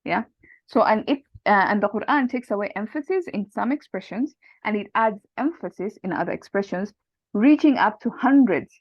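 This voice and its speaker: A woman's voice: medium pitch, expressive, moderate pace, dry recording. Woman explaining translation, dull dry sound. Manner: explains step by step with frequent restarts and fillers. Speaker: teacher leading a study group. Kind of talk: casual online lesson.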